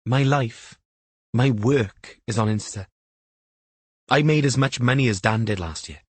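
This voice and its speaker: A man's voice: mid-range voice, unhurried, breathy edge, no room sound, pitched above the performer's own voice. Man voicing a flippant young influencer woman. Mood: flat. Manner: flat sing-song sarcasm.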